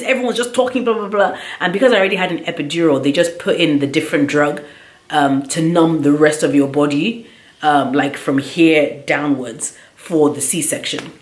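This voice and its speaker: Chatty woman vlogger, low voice, roomy echo. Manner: animated, chatty, full of filler "like". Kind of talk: casual storytelling vlog.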